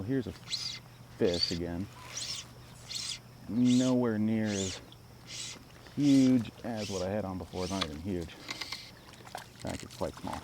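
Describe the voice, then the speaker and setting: A man talking casually while fishing outdoors by a pond, excitable and self-deprecating. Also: low-pitched, noisy background. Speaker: fishing vlogger. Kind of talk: casual outdoor vlog commentary.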